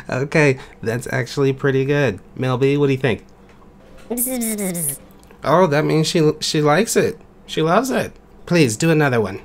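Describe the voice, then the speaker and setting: A man hosting and judging a talent show in an animated game skit, in a playful, wry way. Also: a little high, measured pace, long pauses, a little hiss or hum. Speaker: talent show judge and host.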